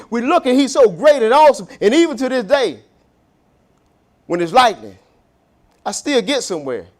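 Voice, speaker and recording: In a church sanctuary, a Southern United States pastor's voice sits notably high for a man as he gives his sermon. He swings from loud emphasis to quiet, low asides, stretching out the words meant to hit home.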